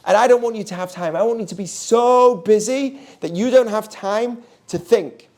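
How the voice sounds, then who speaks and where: Scornful, commanding Pharaoh, put on by a high-voiced man teaching a class. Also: moderate pace, a little mellow, close to an everyday voice. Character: arrogant male Pharaoh, scornful king.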